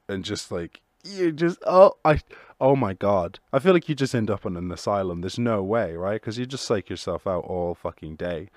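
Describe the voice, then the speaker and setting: A man talks alone into the mic in a deep voice, musing in a loose, jokey way and swearing freely as he goes. The sound is close and dry, with no room around it. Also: moderate pace, dry recording. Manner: rambling, profane, jokey. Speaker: podcast host. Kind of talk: solo casual monologue.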